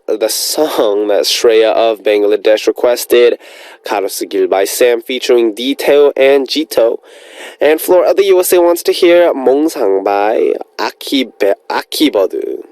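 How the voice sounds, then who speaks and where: Male radio DJ, mid-pitched, chatty and upbeat, rambles between listener messages, dry booth sound. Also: lively intonation, unhurried, a little mellow, smooth, no room sound, poor audio. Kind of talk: radio show chat reading listener messages.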